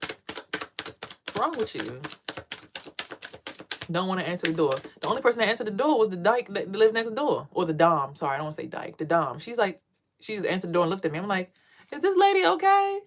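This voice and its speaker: Woman talking aave, cussing a lot, animated vlog story, doing the voices of other people. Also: very fast. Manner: animated, profane, acts out quotes in a high voice. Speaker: vlogger and tarot reader.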